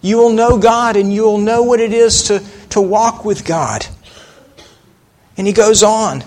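A man's voice: high-pitched, a little slow, a little mellow. A middle-aged man preaching a sermon in a conversational way, asking rhetorical questions and often restarting his sentences. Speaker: pastor.

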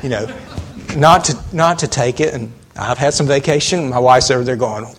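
A man's voice: mid-range voice, lively intonation, brisk. A middle-aged man preaching a sermon in a conversational way, asking rhetorical questions and often restarting his sentences. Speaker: pastor.

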